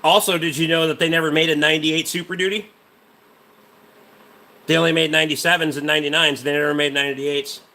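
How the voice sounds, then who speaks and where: A man's voice: fairly high pitch, flat delivery, quick pace, creaky, long pauses, sharp tone. A man hosting a casual livestream, a mechanic rambling about truck parts and swearing freely while answering chat.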